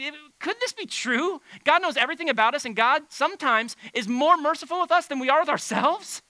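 Animated preacher man, bright voice. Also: very high voice, no echo, low-quality recording. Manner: animated, conversational preaching with dramatic swings in volume. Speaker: pastor. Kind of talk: sermon. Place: church stage under bright lights.

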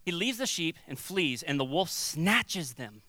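A man preaching a sermon as a pastor, conversational and animated, acting out little quoted voices. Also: fairly high pitch, unhurried, very noisy.

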